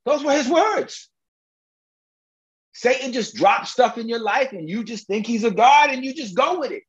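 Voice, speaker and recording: A man's voice: very high-pitched, animated, moderate pace, muffled recording. A male preacher delivering an emphatic, colloquial sermon, firing rhetorical questions at the congregation.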